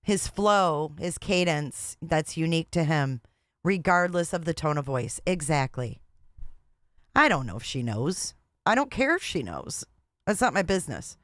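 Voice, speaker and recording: A woman's voice: deep voice, a bit bright, no room sound, studio quality. A woman hosting a casual livestream, talking in a blunt, repetitive and exasperated way. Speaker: livestream host.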